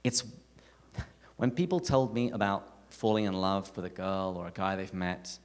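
A man with an English accent giving a live talk to an audience, telling stories with animated, self-mocking humour. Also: low voice, normal speed. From England. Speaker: speaker at a parish talk night. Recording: echoey hall reverb.

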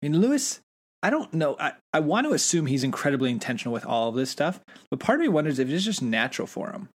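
A man's voice: a little high, sing-song, fast talker. A man co-hosting a casual podcast, musing enthusiastically and thinking aloud. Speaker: podcast co-host. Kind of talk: casual book-discussion podcast.

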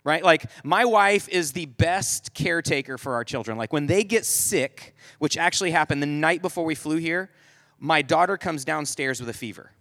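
A man's voice: a little high, expressive, moderate pace, fairly bright tone, no echo. A man in his forties telling a humorous family story to an audience, chatty and self-mocking, leaning on "like" a lot. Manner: loose, chatty, self-mocking, heavy use of "like".

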